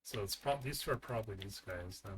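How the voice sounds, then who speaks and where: A man's voice: lowish voice, fast, slight background noise. A man streaming a game live, thinking aloud and muttering his guesses as he works through a puzzle.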